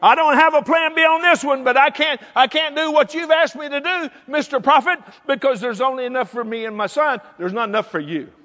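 A worried, poor widow pleads earnestly, as a male preacher puts her on in a raised, lively voice. Her bright tone rings out with a long reverb. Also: high voice, slow, heavily acted. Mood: pleading.

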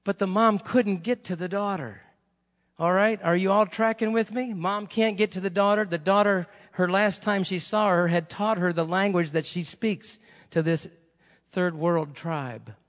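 A man's voice: high-pitched, a little slow, a bit bright, long reverb tail. A male preacher telling stories during a sermon, in a chatty, conversational way with asides to the congregation.

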